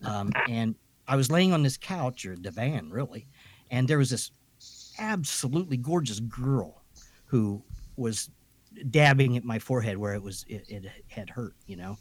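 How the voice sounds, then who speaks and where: A man's voice: mid-range voice, normal speed. A man on a podcast telling a ghost story in a rambling, casual way, full of restarts and asides. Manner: chatty, animated storytelling. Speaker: podcast co-host.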